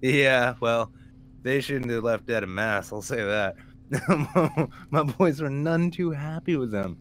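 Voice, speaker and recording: A man co-hosting a podcast, telling rambling stories with dry, dark humor in a casual chat. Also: mid-range voice, takes it slowly, a little hiss or hum. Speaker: podcast co-host.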